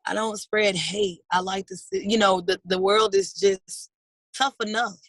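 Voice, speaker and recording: A woman's voice: mid-range voice, steady tone, unhurried, a bit bright, no room sound, rough recording. A woman in her thirties speaking in a heartfelt, earnest way in a personal interview, often calling people "baby". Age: 30s.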